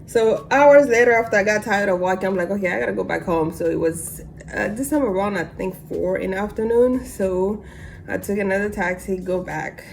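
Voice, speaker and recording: A woman's voice: mid-range voice, fairly quick, creaky, slight background noise. Young woman from Africa telling a story. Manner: animated, acts out voices in quotes. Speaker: mukbang vlogger. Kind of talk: casual storytelling while eating.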